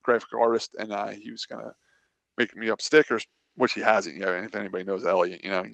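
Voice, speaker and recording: A man's voice: fairly low pitch, flat delivery, fast talker, vocal fry, a bit bright, dry recording, lo-fi sound. A man telling a long, rambling story in a casual podcast chat, often restarting his sentences and replaying what others said to him. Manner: rambling, self-interrupting, recounts his own conversations. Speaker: local racer, regular guest.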